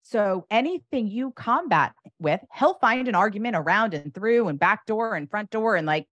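A woman's voice: medium pitch, lively intonation, moderate pace, fairly bright tone, dry recording, dull audio. A woman coaching parents, talking animatedly and acting out example phrases with emphasis. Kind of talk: advice conversation.

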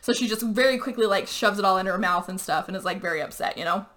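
A woman hosting a podcast, recapping a movie in casual, animated chat. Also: medium pitch, fast talker. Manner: animated storytelling with frequent likes and laughs. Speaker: podcast host.

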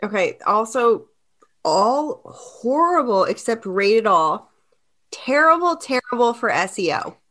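A woman's voice: mid-range voice, expressive, measured pace, fairly bright tone. A woman co-hosting a podcast in casual chat, teasing and laughing heartily. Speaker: podcast co-host.

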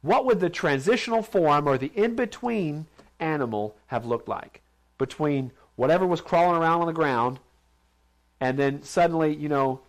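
The speaker, a man with a fairly high pitch and moderate pace, teaches a Bible lesson conversationally. In this informal sermon to a group in a large steel building, he asks questions and acts out others' voices.

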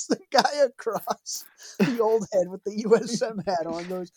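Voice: mid-range voice, measured pace, a little mellow, husky. A speaker casually retelling a bar story with a friend, laughing often and acting out the people involved.

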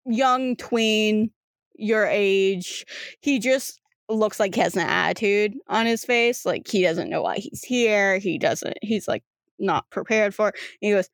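A young woman narrates a tabletop game, wandering through her descriptions with plenty of fillers. She talks slowly, and her voice sits close and dry with no room around it. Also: mid-range voice, dry recording. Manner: rambling, full of fillers. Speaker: game master.

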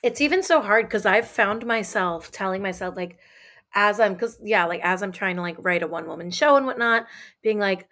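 A young adult woman co-hosting a podcast, speaking candidly and emphatically. She talks in loose, relaxed chat and drops the odd swear word. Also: mid-range voice, normal speed. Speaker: podcast co-host. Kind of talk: casual chat.

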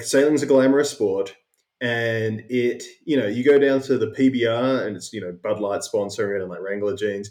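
A man's voice: medium pitch, darkish tone. A man, hosting an interview podcast and telling a long, rambling anecdote full of fillers. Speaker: podcast host. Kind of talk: casual storytelling interview. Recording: roomy echo.

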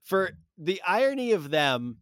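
A man's voice: high voice, very animated, measured pace, fairly bright tone, no echo, clean studio sound. A man hosting a casual podcast chat, laughing often and blunt, with crude humor. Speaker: podcast host.

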